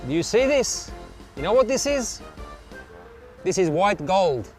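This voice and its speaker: A gruff, stern army sergeant major, as a man puts him on, barking out a deadpan military briefing. His voice sits high and clipped, and music plays underneath. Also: measured pace. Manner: barking orders, mock-serious military briefing.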